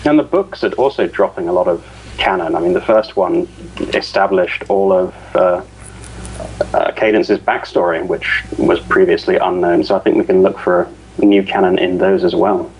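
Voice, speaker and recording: A man's voice: low voice, normal speed, a little hiss or hum, low-quality recording. A man who grew up in the US and now lives in the UK, chatting as a podcast guest in a hesitant, self-deprecating way. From grew up mainly in the US, now lives in the UK. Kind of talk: casual podcast chat.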